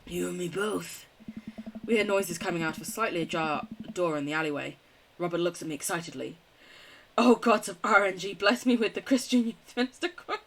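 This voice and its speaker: This young UK streamer reads a game's text aloud and talks with chat between lines, often giggling and cursing casually. Her fairly low voice moves a little fast over slight background noise.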